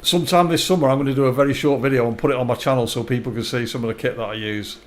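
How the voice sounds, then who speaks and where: A chatty man in middle age, talking to his viewers as he streams. He is friendly and easygoing, often repeating words and restarting his sentences, in a mid-pitched voice. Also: steady tone, racing. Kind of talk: casual live-stream chat.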